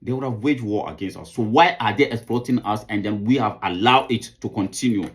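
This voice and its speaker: A man's voice: fairly low pitch, a little fast. A man from Sierra Leone giving impassioned political commentary. He often repeats words while searching for them, then builds to indignant outbursts.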